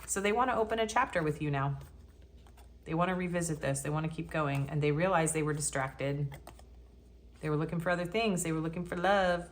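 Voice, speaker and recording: A woman's voice: sits low, moderate pace. A woman giving a casual pick-a-card tarot reading in a chatty, cheeky way that often breaks into laughter. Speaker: tarot reader.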